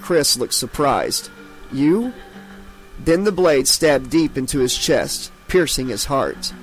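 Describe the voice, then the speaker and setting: A man's voice: medium pitch, poor audio. A man narrating an unabridged horror audiobook dramatically, giving each character its own voice.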